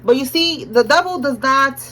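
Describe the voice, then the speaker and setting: High-voiced woman giving a tarot reading. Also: normal speed, soft background music, rough recording. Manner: animated, slangy, laughs often, repeats "all right?". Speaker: tarot reader. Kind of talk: casual tarot reading monologue.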